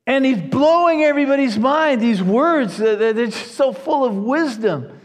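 A man preaching a sermon to his congregation, earnest and animated, often restarting his phrases. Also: very high voice, moderate pace, long reverb tail. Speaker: pastor.

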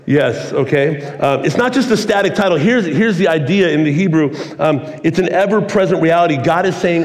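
A man preaching a sermon in a relaxed, conversational way, full of "like" and "kinda.". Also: on the high side, moderate pace, few pauses. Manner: casual, conversational preaching with many "like"s. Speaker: pastor. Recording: long hall reverb.

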